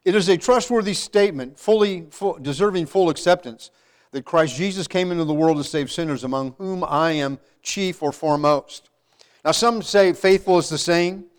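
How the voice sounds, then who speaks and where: A man with a notably high-pitched voice delivers a sermon in a loose, conversational way. He restarts phrases and repeats words as he works through the point. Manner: conversational, many restarts and repetitions. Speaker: pastor. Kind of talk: sermon with congregation.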